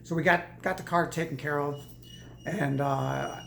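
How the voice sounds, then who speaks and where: A woman recounts a personal story in a loose, rambling way, circling back and restarting her sentences. Her voice has a gravelly edge, and the recording sits in a roomy echo with a faint hiss behind it. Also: low-pitched, fairly even intonation, unhurried. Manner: rambling, with many restarts and repeats.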